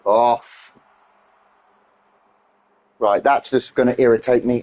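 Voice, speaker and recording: A man's voice: medium pitch, measured pace, long pauses, darkish tone. A man, chatting casually on a live game stream, swearing and easily irritated. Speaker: gaming streamer.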